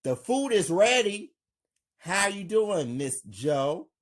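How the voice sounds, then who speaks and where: A blunt teenage boy, voiced by a man reading a drama script speaks in a flat way. The delivery is slow and a little husky, with lively pitch. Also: full character voice. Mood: polite.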